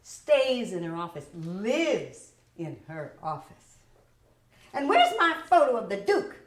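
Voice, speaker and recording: A woman's voice: on the low side, big pitch swings, slow, far from the mic, voice pushed down. A woman voicing a brash, foul-mouthed female boss who barks orders, in a roomy live theater recording. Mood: bossy, scolding. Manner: barking orders, profane, loud. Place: stage of a small theater.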